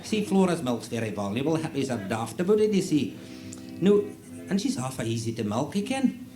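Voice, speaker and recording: A man voicing a gruff, boastful old farmer from the Buchan countryside, with a northeast Scottish accent and a blunt manner. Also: medium pitch, big pitch swings, normal speed, roomy sound, over music, lightly acted. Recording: noisy tape copy with audience laughter.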